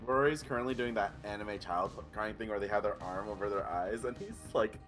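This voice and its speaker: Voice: deep voice, a little fast, over music, rough recording. A narrator running a live-streamed tabletop role-play, describing the scene with frequent giggles. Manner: giggly storytelling, laughing often. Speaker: game narrator.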